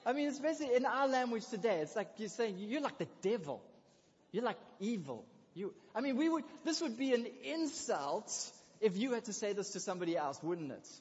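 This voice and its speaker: A man preaching a sermon in a lively, conversational way, with excited asides. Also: very high voice, brisk, few pauses, slightly rough. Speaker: pastor. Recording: dull lo-fi recording in a reverberant hall.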